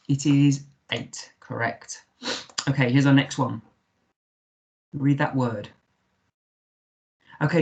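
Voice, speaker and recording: Patient English man teaching phonics. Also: mid-range voice. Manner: patient, sounds out words slowly letter by letter. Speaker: primary school teacher. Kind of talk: recorded remote lesson.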